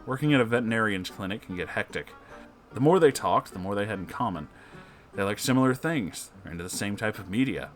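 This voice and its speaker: A man's voice: lowish voice, lively intonation, quick pace, faint music behind. A man hosting his channel, reading a story aloud in a playful, chatty way.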